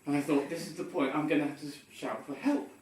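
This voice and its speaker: A man's voice: fairly high pitch, steady tone, quick pace. A man doing stand-up at an open mic, telling a rambling, self-deprecating story. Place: pub comedy room. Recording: echoey room from far off, loud background noise. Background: audience laughter.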